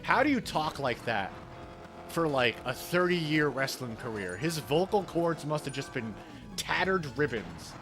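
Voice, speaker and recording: High, gravelly, lively-voiced gamer guy. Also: measured pace, over music. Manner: laid-back, laughs often, swears casually. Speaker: speedrunning streamer. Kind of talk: casual chat while gaming.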